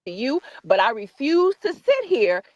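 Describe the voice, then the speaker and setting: A woman joins the livestream remotely and lays out her view with assertive explanation. Her voice is high, and the audio is dry, dull and muffled, like a call line. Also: very animated, measured pace, darkish tone, dry recording. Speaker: livestream guest. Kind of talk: debate on a livestream.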